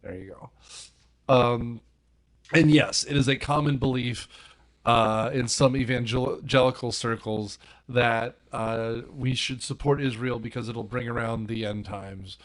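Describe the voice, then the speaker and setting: A man's voice: medium pitch, unhurried. A man on a movie podcast panel, animatedly retelling film scenes and giggling as he talks. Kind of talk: casual movie discussion.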